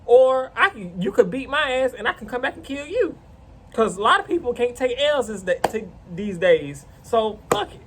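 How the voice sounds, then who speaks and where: A man's voice: very high voice, normal speed, background noise. A man casually telling a rambling, profane story to camera. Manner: rambling, profane, animated retelling.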